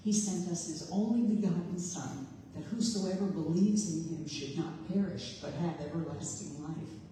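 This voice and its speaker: A woman's voice: lowish voice, moderate pace, warm tone, a little hiss or hum. A woman preaching a sermon to a congregation in a large room, reflective and questioning as she retells the story. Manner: reflective, questioning, voices the father and Jesus in quotes. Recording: echoey hall, voice from far off.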